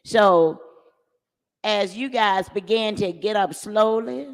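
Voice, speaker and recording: A man's voice: high voice, slow pace. Older man leading rally chants. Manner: commanding, shouts chants then hushes the crowd. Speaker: movement veteran leading a crowd chant. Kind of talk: call-and-response rally speech. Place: large church hall. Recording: echoey church hall with crowd.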